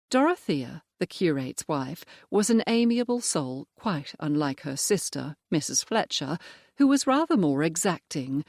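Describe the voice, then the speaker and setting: A narrator reading a mystery novel aloud in a steady, even manner. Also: mid-range voice, unhurried, dry recording, studio quality. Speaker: audiobook narrator. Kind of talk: scripted narration.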